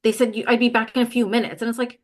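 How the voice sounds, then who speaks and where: A woman's voice: on the high side, flat delivery, racing. A woman co-hosting a podcast, casually retelling a book's plot in her own words and quoting characters with lots of "like". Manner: recaps plot with quoted lines, lots of "like". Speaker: podcast co-host. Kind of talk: casual book-recap chat.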